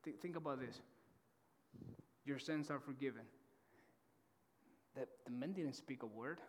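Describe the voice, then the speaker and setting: A man's voice: medium pitch, a little slow, long reverb tail. A man preaching a sermon as pastor, fervent and passionate, often repeating words and restarting phrases. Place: church auditorium.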